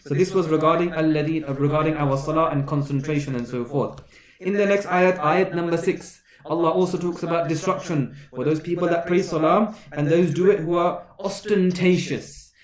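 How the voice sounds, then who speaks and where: A man's voice: on the high side, moderate pace, roomy sound, a crowd in the background. A man giving a Ramadan sermon as an imam, asking rhetorical questions and repeating phrases for emphasis.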